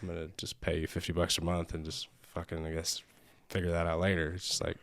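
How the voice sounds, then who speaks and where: A man's voice: low voice, completely flat delivery, quick pace, fairly bright tone. A young man hosting a podcast in casual, rambling chat, swearing often and leaning on fillers. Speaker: podcast host.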